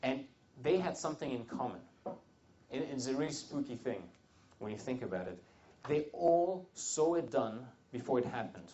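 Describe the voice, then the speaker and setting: A man's voice: mid-range voice, expressive, moderate pace, warm tone, slight background noise. A man giving a live seminar talk to a room of attendees, rambling with frequent restarts and joking asides. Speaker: seminar speaker. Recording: dull lo-fi seminar recording.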